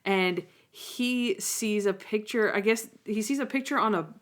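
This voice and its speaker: A woman's voice: medium pitch, measured pace. Woman, podcast co-host, casual chat, rambling, retells scenes with quotes.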